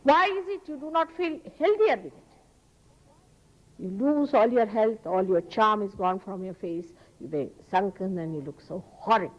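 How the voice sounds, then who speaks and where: A woman giving a public spiritual talk, earnest and emphatic, often rising sharply in pitch. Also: lively intonation, moderate pace, lo-fi sound. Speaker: spiritual teacher. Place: public hall.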